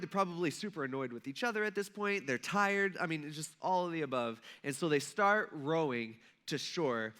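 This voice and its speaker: This pastor has a high male voice with a sharp tone. His sermon is casual and conversational: he tells the story loosely, acts out its characters' voices, and fills his speech with "kinda" and "like."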